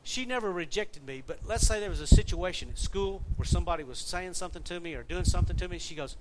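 A man's voice: high voice, fast, few pauses, heavy background noise. A man preaching a sermon in a conversational way, often asking the congregation questions. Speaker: pastor.

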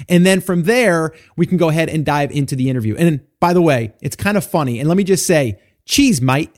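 A man's voice: on the high side, animated, fast, darkish tone. A man hosting a podcast, introducing a guest and chatting in an upbeat, casual way. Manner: upbeat, laughs easily. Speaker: podcast host.

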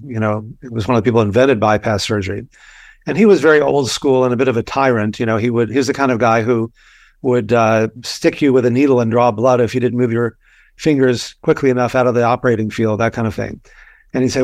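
Older male doctor from Texas, relaxed storyteller, dry recording. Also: medium pitch, fast talker, no room sound. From Texas, USA. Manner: relaxed, anecdotal, many fillers and restarts. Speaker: physician guest. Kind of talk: conversational storytelling.

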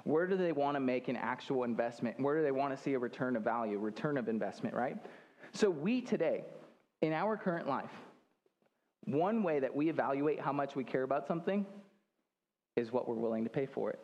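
A man's voice: medium pitch, expressive, a little fast, a little mellow, dull audio. A young man preaching a sermon in a church, in a loose and joking way, with many fillers and restarts. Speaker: pastor.

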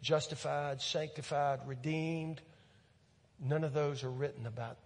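A man preaching a sermon as pastor, earnest and pleading, repeating words, swelling loud and then dropping soft. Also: fairly high pitch, steady tone, measured pace. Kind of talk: sermon with altar call. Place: church sanctuary. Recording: long church hall reverb with soft music.

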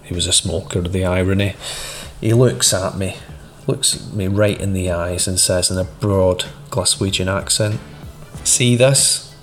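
A man hosting a podcast, giving a measured, conversational talk with a personal story. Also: sits low, steady tone, soft background music. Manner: measured, conversational, with small restarts. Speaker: podcast host. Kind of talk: instructive monologue and anecdote.

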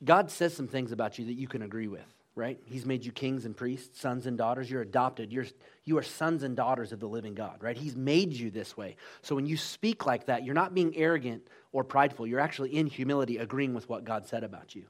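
A man preaching a sermon, calling out to the congregation in a lively, engaged way. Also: mid-range voice, fairly quick. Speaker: pastor.

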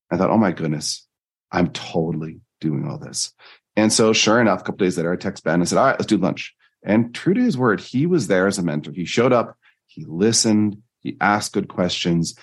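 A man, a life coach, telling personal stories in an earnest, animated interview style. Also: husky. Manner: earnest, animated storytelling with jumps in pitch. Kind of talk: conversational interview storytelling.

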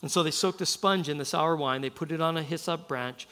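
A male pastor delivers a sermon in a relaxed, conversational way and often restarts his phrases. His voice sits a bit high and sounds bright and forward. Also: a little fast. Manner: casual, conversational preaching with frequent restarts.

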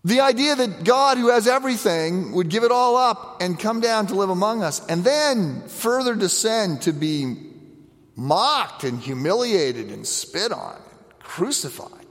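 A man preaching a conversational sermon, animated, with frequent restarts and asides. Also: high-pitched, measured pace, long reverb tail. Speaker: pastor. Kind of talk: sermon on the stations of the cross.

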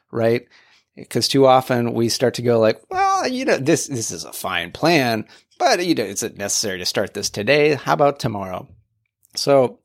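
A man's voice: medium pitch, a little mellow. A man hosting a solo podcast, talking casually with frequent restarts and acting out quoted voices in his stories. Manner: rambling, many restarts, acts out quoted voices. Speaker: podcast host.

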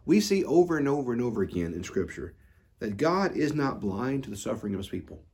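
A man with a husky, slightly rough voice gives a daily devotional reflection. He reads scripture aloud, then explains it in an earnest, unpolished way, sometimes stumbling and starting over. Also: mid-range voice, very animated, fast talker, darkish tone. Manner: earnest, with frequent restarts and fillers.

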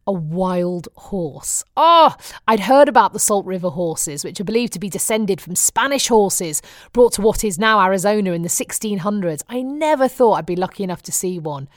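A woman's voice: mid-range voice, no echo. Brief: middle-aged British woman, wry chatty presenter, dry close sound. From Britain. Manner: wry, chatty storytelling with frequent laughs. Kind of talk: chatty personal diary monologue.

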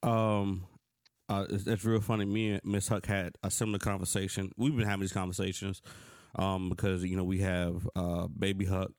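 A man's voice: no echo, clean studio sound. A man in his thirties, co-hosting a podcast, who talks earnestly and tells stories with feeling. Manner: earnest, animated storytelling, rising pitch when frustrated. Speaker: podcast co-host. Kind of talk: casual conversation.

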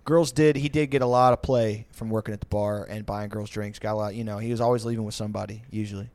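A tipsy podcast host tells stories casually and loosely, rambling with plenty of swearing and fillers and putting on mocking voices for the people involved. His voice is lowish, steady and darkish, he talks fast, and there's no room sound.

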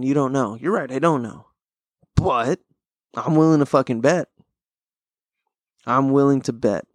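A young man hosting a podcast, ranting casually in a profane, rambling, animated way into a close mic. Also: medium pitch, no echo. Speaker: podcast host.

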